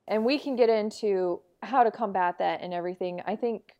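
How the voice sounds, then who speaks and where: Here a young adult woman chats easily on a podcast she co-hosts, agreeing along and leaning heavily on fillers such as "like" and "you know." She speaks at a moderate pace in a clear, resonant, slightly mellow voice of medium pitch.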